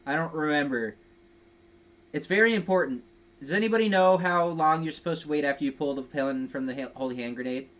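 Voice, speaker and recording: A man's voice: on the high side, a little fast, a bit bright. A young man hosting a casual livestream, rambling and joking while drinking, reading a fanfic aloud mockingly. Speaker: livestream host.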